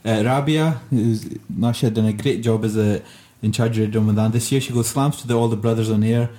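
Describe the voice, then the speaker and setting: A man's voice: on the low side, fairly even intonation, a little fast, mellow. A man hosting a panel show, reacting briefly to guests and reading out listener messages. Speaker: host.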